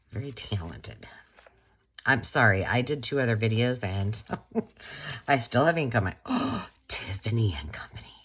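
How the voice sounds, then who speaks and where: A woman's voice: a bass voice, slightly rough. A woman hosting a crafting channel, chatting casually and gushing as she unboxes a gift.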